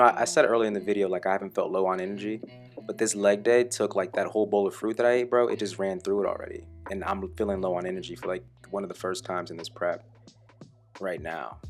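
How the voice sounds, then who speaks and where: A young man talking casually and profanely over footage of his own workout, joking about himself in the third person. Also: low voice. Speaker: fitness vlogger.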